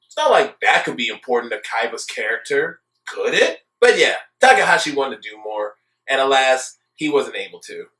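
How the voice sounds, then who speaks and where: A man's voice: mid-range voice, sing-song, moderate pace, sharp tone, reverberant, poor audio. A young man giving a casual, sarcastic and exasperated ranting commentary as an anime reviewer, with emphatic delivery.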